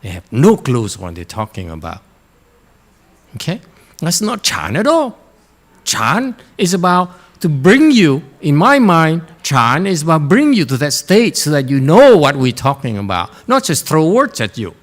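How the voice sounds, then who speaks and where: A man teaching Chan meditation to students in a Dharma lecture, blunt and direct, often pausing to check in. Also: a little high, huge pitch swings. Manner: blunt, frequently checks in with "Okay?".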